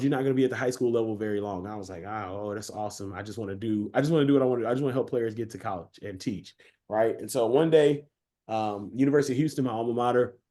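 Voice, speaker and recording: A man presenting a webinar, telling a career story in a casual, lively way, acting out the dialogue of the people in it and poking fun at himself. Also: mid-range voice. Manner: lively storyteller who acts out quoted dialogue; casual and self-mocking, addresses listeners directly.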